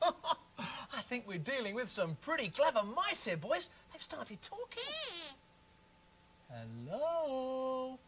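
A man presenting a children's TV puppet comedy, excitable and laughing often. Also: very high voice, slow, pauses often, full character voice.

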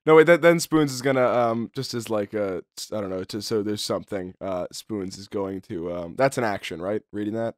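A man's voice: on the low side, brisk, few pauses, no room sound, studio quality. A man playing a tabletop game, telling a long bawdy joke in character and laughing. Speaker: player.

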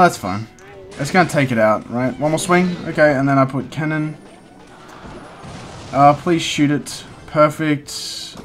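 Young man, gameplay commentary, self-talk, quick to frustration, faint background music. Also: medium pitch, fairly bright tone. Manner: talks to himself while playing, quick swings into frustrated outbursts. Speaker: gaming content creator.

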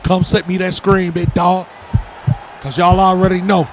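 A man giving excited, trash-talking play-by-play commentary over his own basketball video game session. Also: high voice, moderate pace, background noise. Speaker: gaming video creator. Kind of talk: gameplay commentary.

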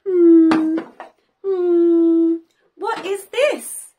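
Very high, slow sing-song woman teacher. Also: warm tone. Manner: slow, sing-song, exaggerated gasps and praise. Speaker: children's teacher. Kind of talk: toddler learning video.

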